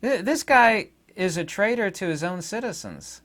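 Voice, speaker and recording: Casting note: middle-aged American man, indignant solo commentary, lively swooping pitch. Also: moderate pace, few pauses. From United States. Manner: indignant, rambling, with sarcastic asides. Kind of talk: casual political monologue.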